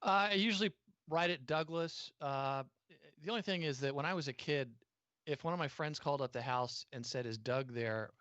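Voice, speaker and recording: A man's voice: on the high side, normal speed, no room sound. An American man, a podcast host appearing as a guest, chatting casually over a video call with lots of uh fillers. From United States. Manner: relaxed, chatty, frequent uh fillers. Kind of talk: casual interview chat. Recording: dry, slightly dull video call audio.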